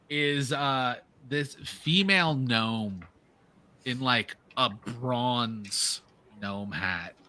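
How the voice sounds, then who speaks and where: A man's voice: mid-range voice, bright, forceful tone. A man narrating a tabletop game as game master, improvising energetically.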